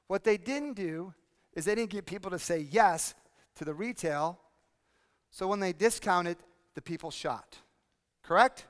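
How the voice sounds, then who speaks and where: A man presenting a workshop to a live audience, energetic and drilling the room with repeated questions. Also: high voice, normal speed. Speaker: speaking coach presenting a workshop. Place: conference hall with audience. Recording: long hall reverb.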